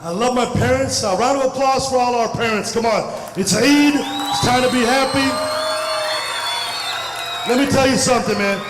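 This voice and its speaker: A middle-aged man from India doing a stand-up comedy set, talking loudly and playfully to the crowd. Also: extremely high pitch, normal speed. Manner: loud, animated, playful crowd banter. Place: large hall at a community festival. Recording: echoey hall mic from a distance, crowd noise. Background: audience murmur and laughter.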